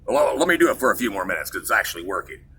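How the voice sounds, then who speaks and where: A man's voice: on the low side, sing-song, very fast, vocal fry, sharp tone, breathy edge. A middle-aged man from Kansas hosting his own show, rambling through a story in a digressive, self-mocking way. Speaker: show host. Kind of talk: casual rambling monologue.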